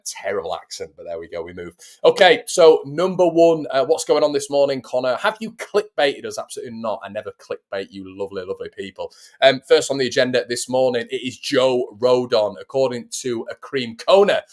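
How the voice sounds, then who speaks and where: A young man chats into his home setup during a live stream. His voice sits in a middle, unremarkable register. He talks in a loose, friendly way and keeps answering viewers' comments. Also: medium pitch. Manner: chatty, reads out viewer messages and answers them. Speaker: host of a fan channel. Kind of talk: casual live-stream chat.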